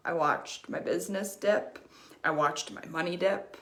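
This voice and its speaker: A woman with a fairly low speaking voice gives a personal motivational talk on a live stream. She is earnest and leans on repetition to drive her points home. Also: unhurried, fairly bright tone. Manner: earnest, repeats phrases for emphasis. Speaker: life coach hosting a live stream. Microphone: streaming mic.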